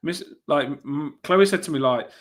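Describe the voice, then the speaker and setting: A man with a stuffy cold co-hosting a casual fan podcast, excitable and teasing. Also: on the high side, moderate pace. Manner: excitable, laughing, teasing banter. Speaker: podcast co-host.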